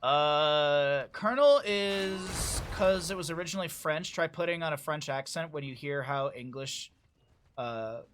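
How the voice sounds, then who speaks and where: A young man giving solo esports commentary, chatty, jumping from banter to excited play-by-play. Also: on the high side, measured pace, a little hiss or hum. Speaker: esports caster.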